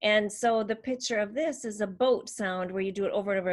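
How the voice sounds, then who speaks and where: A woman's voice: mid-range voice, brisk. A woman speech language therapist, patiently explaining how letter sounds are made and modeling each one. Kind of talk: instructional demonstration.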